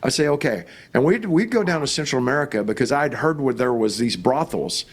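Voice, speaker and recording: A middle-aged pastor with a medium-pitched voice and a slightly fast pace tells stories in an interview. He's animated, acting out the voices of the people he quotes.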